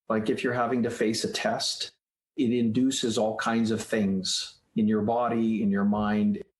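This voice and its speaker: Guy on a podcast breaking stuff down step by step, kinda roomy echo on him. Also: fairly low pitch. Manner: explanatory, teacherly, walks through steps. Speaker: guest author, child psychologist. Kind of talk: podcast interview. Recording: roomy echoey room sound.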